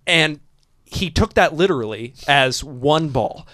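A man's voice: on the high side, measured pace. A man telling a wild story in casual chat, swearing freely and laughing as he talks. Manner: profane, animated storyteller who laughs mid-sentence. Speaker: podcast host telling a story.

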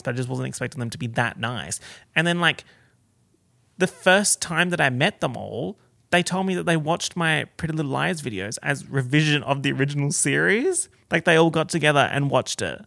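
A young Australian man telling a story to camera in a chatty, gossipy vlog style, full of fillers and sudden excited outbursts. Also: normal speed, gravelly, no room sound, studio quality. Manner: animated, gossipy, lots of fillers and sudden high exclamations. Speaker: YouTuber.

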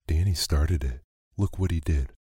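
A man's voice: very deep voice, normal speed, warm tone, slightly rough, no room sound, studio quality, full character voice. A man voicing a bossy teenage boy who teases his little brother, read in a storybook. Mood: bickering. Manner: teasing, sulky.

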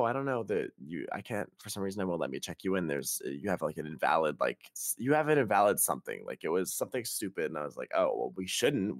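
A man's voice: sits low, no echo, clean studio sound. A young man hosting a podcast, telling a travel story in casual, profane, exasperated chat. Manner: profane, exasperated retelling with quoted dialogue. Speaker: podcast host.

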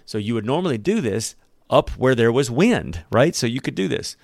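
A man's voice: medium pitch, sing-song, moderate pace, gravelly, no room sound, studio quality. A man preaching a sermon, reading scripture aloud and commenting on it in a conversational way. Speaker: pastor.

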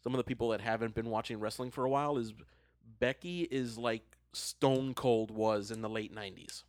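A man's voice: medium pitch, fairly even intonation, moderate pace, darkish tone, no echo. Man explaining wrestling, dry sound. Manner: explains at length, hesitant restarts. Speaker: wrestling correspondent on a podcast. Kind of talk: casual chat.

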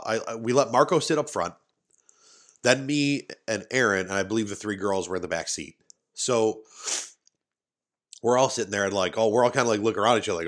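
Low-voiced rambling storyteller man. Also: fairly bright tone. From Western New York. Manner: rambling, many restarts and asides. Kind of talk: casual storytelling. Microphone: studio mic, adjusted mid-talk.

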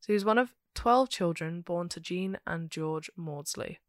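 A woman with a London accent, co-hosting a podcast and telling a true crime case in a steady, matter-of-fact way with dry asides. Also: fairly low pitch, moderate pace, dry recording. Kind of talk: casual chat reading out researched notes.

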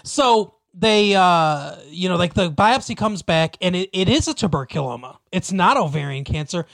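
Chatty man retelling a story, slightly high. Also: lively intonation, moderate pace, creaky, fairly bright tone. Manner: rambling, many restarts, acts out quoted lines, laughs often. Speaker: podcast co-host recapping a TV episode. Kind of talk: casual chat.

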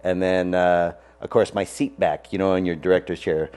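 A man guesting on a casual interview, chatting and telling anecdotes, quick to laugh. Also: low voice, fairly even intonation, a little mellow, clean tone.

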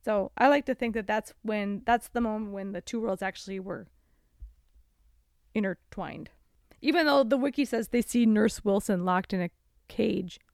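A woman co-hosting a casual podcast, recapping a movie and acting out the characters in quick voices. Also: medium pitch, a little mellow, no echo, clean studio sound. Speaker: podcast co-host.

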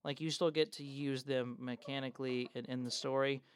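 A man's voice: medium pitch, steady tone, fairly quick, clear, resonant tone. A young man co-hosting a tabletop game podcast, joking and swearing freely in casual chat. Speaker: podcast co-host.

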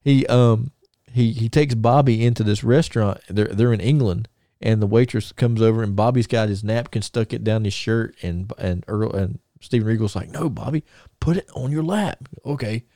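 Podcast co-host, male, mellow warm tone, dry close sound, rambling anecdotal delivery. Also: lowish voice, fairly even intonation, moderate pace, dry recording. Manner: rambling storyteller, many restarts and chuckles. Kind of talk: casual chat.

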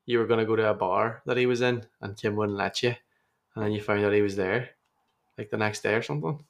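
A man's voice: fairly low pitch, fast. Blunt Northern Irish man bantering. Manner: blunt, sweary, laid-back banter. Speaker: podcast co-host. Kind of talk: casual chat.

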